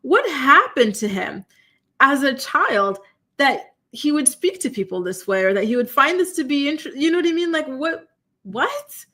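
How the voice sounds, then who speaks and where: A woman hosting a live commentary stream, talking in an animated, incredulous, exclamatory way and reacting to her chat. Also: high voice, normal speed. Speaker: commentary show host.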